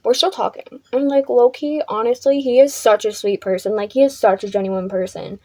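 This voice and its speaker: A woman's voice: a little high, a little fast, warm tone, dry recording. A young woman vlogger telling a casual storytime, chatty, filling her talk with "like" and swearing freely.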